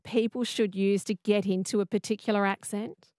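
Woman host, mid pitch, conversational, dry close mic. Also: steady tone, moderate pace, a little mellow, dry recording. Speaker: radio host. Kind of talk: interview hosting.

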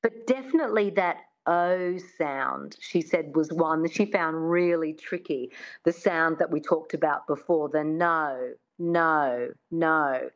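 Australian woman accent coach, lower voice, chatty with restarts, muffled lo-fi line. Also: unhurried. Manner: chatty, many restarts and "I mean". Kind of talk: interview chat. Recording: dull lo-fi sound.

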